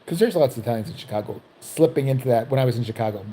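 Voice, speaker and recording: A woman vlogger telling a story in a casual, profane, animated way, jumping into other people's voices. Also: very deep voice, rapid-fire.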